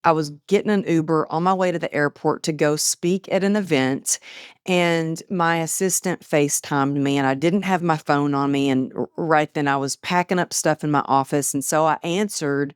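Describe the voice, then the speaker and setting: Woman guest, middle-aged, low-ish voice, animated storyteller who acts out dialogue, dry close mic. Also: moderate pace, smooth, no room sound. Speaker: podcast guest, author. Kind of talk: casual storytelling interview.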